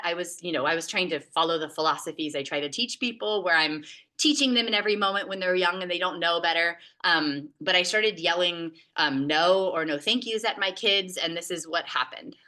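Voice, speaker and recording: A woman presenting a talk to educators, her voice bright and forward with a fairly low pitch. She speaks in a loose, conversational way, pausing often and filling gaps with hesitations. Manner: conversational, hesitant with many filler sounds. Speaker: behavior support presenter. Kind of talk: recorded teaching presentation.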